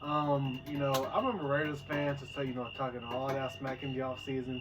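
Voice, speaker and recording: A man's voice: mid-range voice, level tone, brisk, hardly any pauses. A man co-hosting a casual sports podcast, teasing and rambling, often repeating words as he goes. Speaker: podcast co-host. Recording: distant mic with clear background noise.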